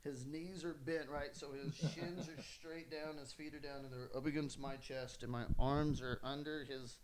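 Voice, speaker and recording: Animated man telling a story. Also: on the high side, normal speed, a crowd in the background. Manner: animated, acts out quoted lines, laughs while telling. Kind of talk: casual storytelling on a podcast.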